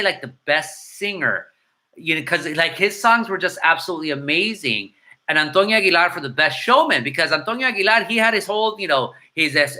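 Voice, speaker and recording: Bright-voiced, joking man. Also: a little high. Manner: irreverent, rapid-fire banter mixing Spanish and English, breaks into singing. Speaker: host answering viewer comments. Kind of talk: casual live-stream chat.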